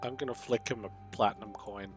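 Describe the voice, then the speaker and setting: A man playing in a tabletop game, speaking in character with measured, formal phrasing. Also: fairly low pitch, fairly even intonation, soft background music. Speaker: player.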